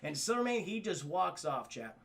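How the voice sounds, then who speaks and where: A man's voice: high voice, sing-song, gravelly, a bit bright. A young man casually recapping a cartoon episode for his stream chat, swearing and laughing as he retells scenes. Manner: loose, laughing, profane retelling with quick voiced quotes.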